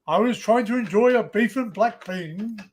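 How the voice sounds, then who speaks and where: A man putting on the voice of an indignant older man under arrest, speaking in a slow, grandly outraged manner. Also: high voice, darkish tone, breathy edge.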